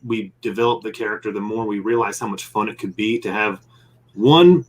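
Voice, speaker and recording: Guy rambling thru a story while he draws, acts out what people said, middle pitch. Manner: rambling storytelling with quoted dialogue. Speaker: comic publisher and guest; game master of his group. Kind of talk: casual interview chat while sketching.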